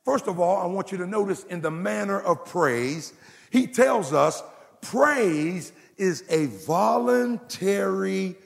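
A pastor delivers his sermon with emphatic, swooping energy that climbs into shouts. His voice sits a little high for a man and carries a gravelly edge. The sound rings with the long reverb of a large church hall. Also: lively intonation, a little slow. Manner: emphatic preaching, rising to shouts.

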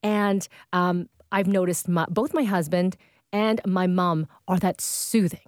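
A woman's voice: lowish voice, a little slow, no echo, clean studio sound. A woman co-hosting a parenting talk show, chatting candidly about her own parenting. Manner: candid, self-deprecating. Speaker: co-host. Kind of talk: casual chat.

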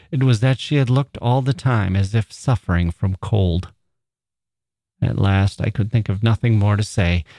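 A man who hosts a podcast, reading a classic short story aloud in a measured way. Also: lowish voice, a little mellow, no room sound, studio quality.

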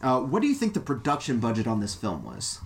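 A man casually recapping a film with friends, acting out the characters' lines in lively, shifting voices. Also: mid-range voice, brisk, creaky, noisy background. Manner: animated, acts out quotes in shifting voices. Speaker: podcast co-host. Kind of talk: casual movie recap chat.

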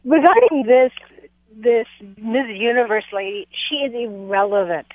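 A woman from Michigan calling into a radio show, speaking in an emphatic, indignant, animated way. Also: on the high side, unhurried, dry recording. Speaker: caller. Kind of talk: call-in radio talk. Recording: tinny phone line.

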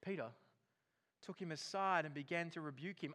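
High-voiced man preaching in a reverberant hall. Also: normal speed, pushed and bright. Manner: earnest, emphatic, restarts words when building a point. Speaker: pastor. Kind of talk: sermon.

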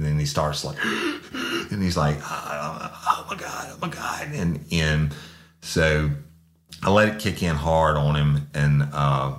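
A man, a former police sergeant, telling a crude story bluntly with lots of restarts. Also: rumbling low. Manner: blunt, profane, many restarts.

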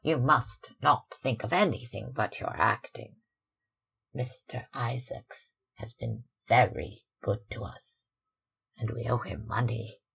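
A man's voice: mid-range voice, slow pace, creaky, bright, forceful tone, husky, full character voice. A man reading aloud, voicing a tired, anxious older mother with a fretful, scolding tone.

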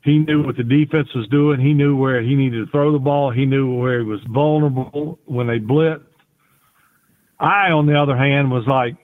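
A man's voice: medium pitch, fairly even intonation, moderate pace. A man, a former quarterback, telling rambling, folksy stories with many restarts as a podcast guest. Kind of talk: casual interview storytelling. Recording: tinny phone-like audio.

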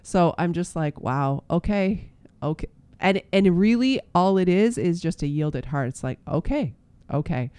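A man, a pastor, telling a personal faith story in casual chat, earnest and halting with many fillers and restarts. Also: on the high side, animated, a little mellow, clear, resonant tone, no room sound.

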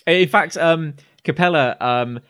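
Running a tabletop game, a game master narrates in a fairly high, slightly bright voice with a clean tone. His delivery is relaxed but halting, full of filler words.

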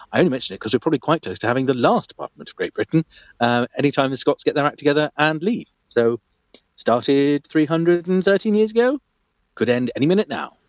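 A man co-hosting a comedy podcast, telling history with wry, deadpan asides. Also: mid-range voice, no echo, highs cut off. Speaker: podcast co-host. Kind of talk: comic history storytelling.

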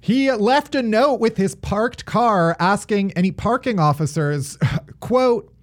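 A man co-hosting a comedic news podcast, wry and quick to laugh. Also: sits high, animated. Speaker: podcast co-host.

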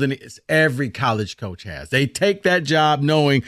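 A male sports radio co-host tossing in quick, matter-of-fact points. His pitch sits mid-range. The sound is dry and close-miked. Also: animated, fairly bright tone, no room sound. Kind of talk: sports talk radio banter. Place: radio studio.

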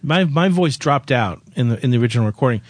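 A man co-hosting a podcast, telling stories in a quick, self-deprecating, casual way. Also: medium pitch, lively intonation, no room sound. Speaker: podcast co-host. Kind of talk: casual chat.

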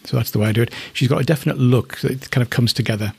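A middle-aged northeast English alpaca keeper races through his casual, affectionate musings about his animals. His mid-range voice has vocal fry, a slightly mellow quality and a breathy edge.

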